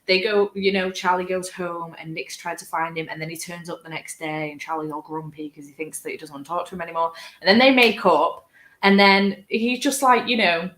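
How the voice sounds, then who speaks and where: A woman's voice: on the low side, fairly even intonation, fairly quick, fairly bright tone, reverberant. A British woman in her twenties chatting casually as co-host, enthusiastic and rambling. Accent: British English. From Britain. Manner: enthusiastic, rambling, laughs often. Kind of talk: casual chat.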